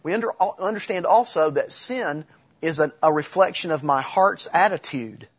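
A middle-aged pastor preaches a conversational sermon in a husky, slightly high voice with lively intonation at normal speed. He restarts sentences and adds light humor, and the recording sounds dull and lo-fi.

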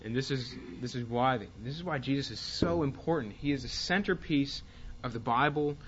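A man teaching a Bible class, speaking haltingly with fillers and restarts and reading passages aloud with more force. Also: mid-range voice, fairly bright tone, dull audio, slight background noise.

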